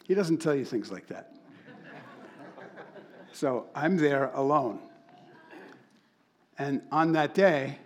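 A middle-aged man preaching, telling a personal story with lively energy and acting out the voices of people he met. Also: on the high side, slow, long pauses. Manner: animated storyteller, acts out quoted voices. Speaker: pastor. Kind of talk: sermon storytelling.

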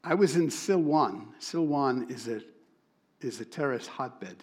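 A middle-aged male pastor tells a personal story to his congregation. He is animated, slipping into other people's voices as he retells conversations, and his voice sits at an ordinary middle pitch. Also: measured pace. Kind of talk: sermon storytelling.

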